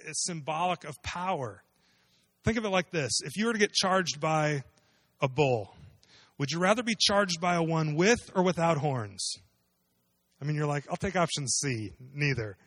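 A man preaching a conversational sermon in a voice a little higher than most men's. He walks through a scripture passage and keeps asking his listeners questions. The sound is dry, with almost no room echo. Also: fairly bright tone. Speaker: pastor.

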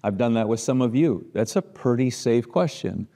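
Middle-aged Midwestern man leading a church class, mellow tone, casual teaching that is full of rhetorical questions, long hall reverb. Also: medium pitch, lively intonation, normal speed. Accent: Midwestern American. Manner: conversational, rhetorical questions, frequent restarts.

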